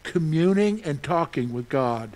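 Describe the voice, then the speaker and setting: A middle-aged man preaching a sermon as pastor, lively and conversational, asking his listeners questions and answering them himself. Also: fairly high pitch, a little slow. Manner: animated, asks the congregation questions and answers them; acts out his own panicked reactions for humor.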